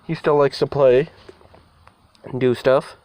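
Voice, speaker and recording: A man of ordinary pitch talks casually through a home vlog, rambling and turning aside to tease his cats. Faint background noise sits under his voice. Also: fairly even intonation, takes it slowly. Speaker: vlogger. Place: indoors near a door, partly outside.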